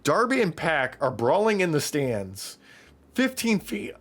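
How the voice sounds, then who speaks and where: A man co-hosting a podcast in casual chat, excitedly recapping wrestling matches and swearing freely. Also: a little high, measured pace. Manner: excitable, profane, recaps matches with acted-out quotes. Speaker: podcast co-host.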